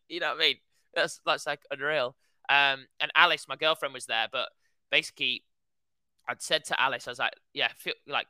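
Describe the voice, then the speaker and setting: Bright, animated man telling a story. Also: medium pitch, clean tone, dry recording, rough recording. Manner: animated storytelling, heavy use of "like". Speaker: podcast co-host, runner. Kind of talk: casual chat.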